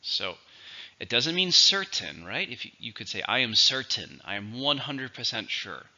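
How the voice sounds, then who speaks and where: A man teaching an English vocabulary lesson, pronouncing words slowly and carefully for learners. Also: mid-range voice, sing-song, pushed and bright. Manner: slow, careful pronunciation drills. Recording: dull lo-fi recording.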